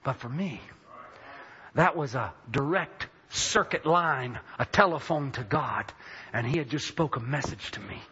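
Male testimony preacher with a very high, sharp, raspy voice. Fervent storyteller. Muffled lo-fi audio. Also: expressive, unhurried. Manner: fervent storytelling, rising to shouted praise. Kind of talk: sermon testimony.

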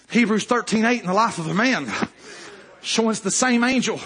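A male preacher delivering a fervent sermon, rising to shouts and dropping low again. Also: husky.

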